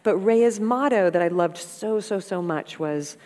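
A woman guest in an interview, telling stories in a frank, animated, conversational way and swearing freely. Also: medium pitch, a little slow. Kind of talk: candid conversational storytelling. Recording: long hall reverb.

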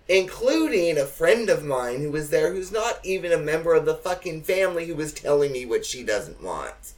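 A man telling a family story in casual chat, swearing and mimicking relatives. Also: a little high.

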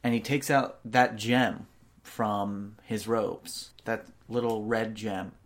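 A woman's voice: very deep voice, fairly even intonation, slow pace. A woman narrating as game master, describing scenes loosely with many filler words. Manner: casual, lots of "like" fillers.

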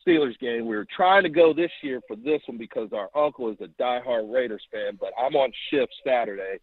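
A man calling in to tell a long story, animated and acting out quotes, heard over the phone. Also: fairly quick, creaky, no room sound. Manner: animated, acts out quotes with rising pitch. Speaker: caller. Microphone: telephone. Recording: tinny phone line.

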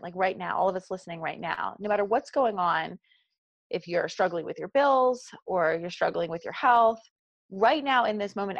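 A meditation guide in her forties, with a South Jersey accent, talks earnestly in a podcast interview, lively and leaning on examples. Her voice sits in the mid range, and the audio is dry and dull.

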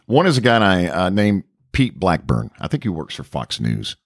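A man with a very deep voice that still moves a lot in pitch, trading wry, deadpan jokes with his co-host. The recording is close and dry. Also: moderate pace, slightly rough, dry recording. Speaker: radio co-host. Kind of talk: casual chat.

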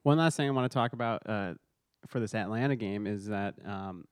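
A man co-hosting a casual sports podcast, excitable and laughing a lot as he recaps games. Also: on the low side, brisk, clear, resonant tone, no room sound, studio quality. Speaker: podcast co-host.

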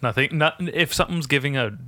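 A man's voice: fairly high pitch, quick pace, bright, forceful tone, no echo. A man hosting a casual chat, easygoing, giving short reactions and squeamish asides.

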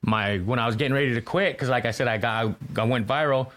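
A man talks as a podcast guest in quick, casual chat. His voice sits at a middle pitch. He swears casually and keeps checking in with "you know what I mean.". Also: fairly bright tone. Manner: fast, affirming, profane.

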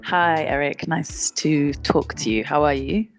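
A woman's voice: low-pitched, measured pace, soft background music. A woman musician being interviewed, talking chattily, often cutting herself off and laughing. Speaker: musician guest. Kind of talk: casual interview chat. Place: London, remote call.

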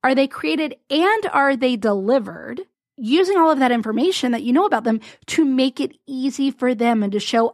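Chatty woman podcast host and business coach, pitched a bit high, rambly asides, dry close mic. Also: expressive, moderate pace, no room sound. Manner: chatty, rambling, self-interrupting with little laughs. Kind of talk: casual solo podcast talk.

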